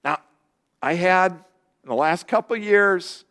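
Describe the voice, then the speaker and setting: A man in his fifties delivers a sermon in a notably high voice. He tells stories from his own life with humor, and his voice jumps up and gets louder whenever he acts out a quoted line. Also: lively intonation, slow. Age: 50s. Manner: storytelling with humor, voice jumping high and loud in quoted lines. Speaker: pastor.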